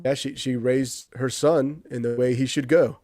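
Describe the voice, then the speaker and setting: A man's voice: medium pitch, fairly even intonation, moderate pace, darkish tone, dry recording, studio quality. A man co-hosting a casual movie review podcast, rambling with restarts and fillers. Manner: rambling, many restarts and "you know". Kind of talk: casual chat.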